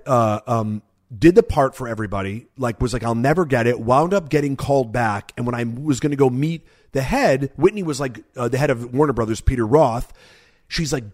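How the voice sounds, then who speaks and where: A man in his forties co-hosts a podcast in loose, casual chat. His voice sits at an ordinary middle pitch, and he drifts through long anecdotes, full of fillers and restarts. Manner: rambling storyteller, lots of fillers and restarts. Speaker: podcast co-host and comedian.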